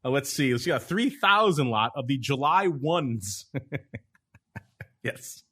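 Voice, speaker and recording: A man's voice: mid-range voice, lively intonation, unhurried, fairly bright tone, husky. A man hosting a podcast in casual chat, teasing his co-hosts playfully. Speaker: podcast host.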